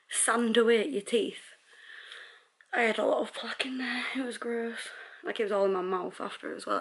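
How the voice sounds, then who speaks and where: A woman's voice: mid-range voice, vocal fry, fairly bright tone. A young woman chatting casually to her camera at home, giggly and self-deprecating. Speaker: vlogger. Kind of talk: casual vlog chat to camera. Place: at home indoors.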